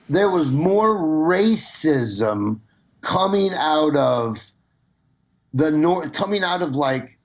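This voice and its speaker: A middle-aged man from Nebraska, a comedian calling in as a guest and talking loosely, with many restarts. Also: a little high. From Nebraska, USA. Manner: rambling, with restarts. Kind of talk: casual phone conversation.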